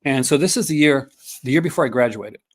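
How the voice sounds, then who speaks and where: Guy in his 50s chatting casually, lots of ums and restarts, middle pitch. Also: lively intonation, fast. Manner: rambling, many fillers and restarts. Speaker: podcast host. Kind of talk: casual chat.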